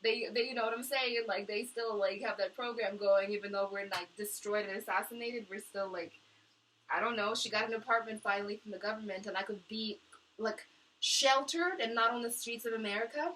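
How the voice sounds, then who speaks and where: Young woman vlogger, distressed, profane, sharp high voice, mic a little far off. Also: steady tone, brisk. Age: young adult. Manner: impassioned and profane, swinging between low mutters and shouting. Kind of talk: emotional monologue to camera. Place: small apartment kitchenette.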